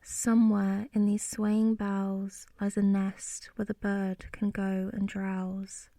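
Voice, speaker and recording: Woman narrator, whispered role-play, dry close mic, flat gentle whisper. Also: mid-range voice, dry recording. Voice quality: soft whispering. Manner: slow, soothing rhyming narration. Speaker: sleep story narrator.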